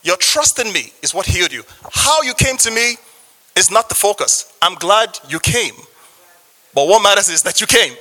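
Man, sermon, earnest preacher, bright tone, reverberant hall. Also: sits high. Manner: earnest, testimony-sharing, asks audience for amens. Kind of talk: sermon with scripture reading.

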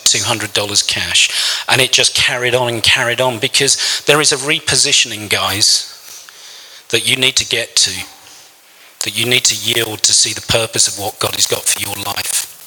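Bright-voiced male preacher in a reverberant hall. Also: mid-range voice, steady tone, moderate pace. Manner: emotional, earnest storytelling. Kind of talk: sermon testimony.

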